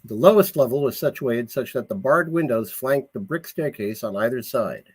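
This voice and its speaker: An author reads a passage from his novel aloud at a measured pace, now and then catching and correcting a word. His voice is mid-pitched with a husky, breathy grain. The delivery is steady and unhurried. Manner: measured reading with small slips and self-corrections.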